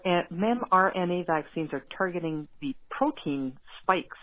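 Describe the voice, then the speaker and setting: A woman from Canada, a school principal who calls in to leave a friendly, chatty question with light jokes. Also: on the low side. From Northern Ontario, Canada. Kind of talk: recorded voicemail question. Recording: tinny phone line.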